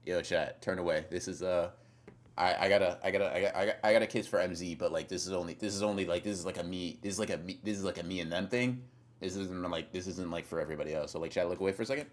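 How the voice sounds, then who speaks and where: A young man with a very low voice chats loosely with his stream audience. He rambles, teases viewers and keeps restarting his sentences with fillers. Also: fast. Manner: rambling, teasing, trails off with fillers and repeats. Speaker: streamer reading chat. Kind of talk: casual live-stream chat.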